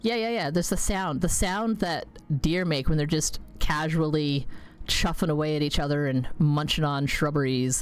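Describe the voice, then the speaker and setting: A woman streaming a game, chatting casually in a rambling way, swearing freely and laughing at herself. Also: sits low. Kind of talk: casual chat while playing a game.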